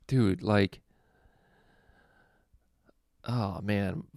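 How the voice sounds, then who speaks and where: A man's voice: on the low side, steady tone, drawn-out words, creaky, a little mellow, dry recording, studio quality. A man telling a rambling, profane work story casually, with a lot of laughing.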